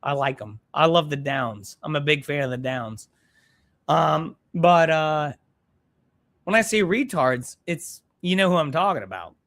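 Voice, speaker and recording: A man hosts a live stream, talking bluntly, profanely and in a rambling way. His voice is bright and forward. He moves between heated rants and reading viewers' comments aloud. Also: a little high, expressive, a little slow.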